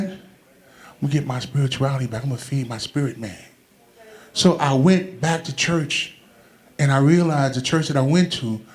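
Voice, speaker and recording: A man performing stand-up comedy into a handheld stage mic. He tells family stories in an easy, conversational way. He turns animated and loud when he acts out the punchlines. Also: fairly high pitch. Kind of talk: stand-up storytelling.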